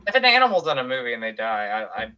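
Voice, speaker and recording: A man co-hosting a casual podcast, telling animated, emotional stories with quoted asides. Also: mid-range voice, very fast, slight background noise, poor audio. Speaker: podcast co-host. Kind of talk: casual chat.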